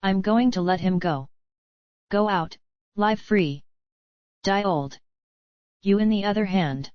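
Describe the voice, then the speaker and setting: A woman voicing a cruel, crude mayor who taunts a captive, in a slow screenplay reading. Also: mid-range voice, no echo, natural voice. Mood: taunting. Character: cruel scheming mayor, mocking captor. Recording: dull lo-fi dry recording.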